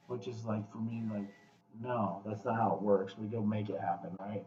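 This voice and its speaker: A man hosting a podcast, talking casually in a blunt, profane, animated pep-talk way. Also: on the low side, moderate pace. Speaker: podcast host. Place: room with guests. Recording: echoey, distant, muffled room mic.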